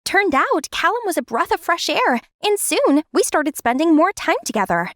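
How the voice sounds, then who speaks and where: A young woman narrating an animated story in the first person, with a lively, expressive delivery. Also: very high voice, moderate pace, no echo, studio quality.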